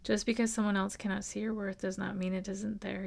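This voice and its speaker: A woman's voice: medium pitch, level tone, brisk, gravelly. A woman giving an earnest, reassuring tarot reading at home, speaking casually and with emotion. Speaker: tarot reader. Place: at home with a dog.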